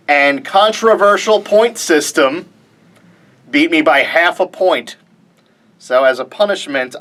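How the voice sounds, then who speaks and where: Young man, wrestling vlog host, casual chat, wry, mock-reluctant, higher voice, faint background music. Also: a bit bright.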